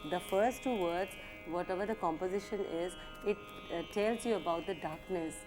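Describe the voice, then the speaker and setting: A woman with an Indian accent giving a music lecture, halting and full of fillers, sometimes switching into Hindi phrases. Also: on the low side. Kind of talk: educational lecture.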